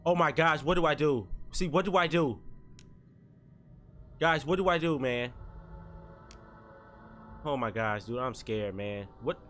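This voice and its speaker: A man's voice: mid-range voice, a little slow, pauses often, a bit bright, faint music behind. A young man playing a horror game and commenting, jumpy and frightened, full of slang like bro and dude. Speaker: gaming YouTuber.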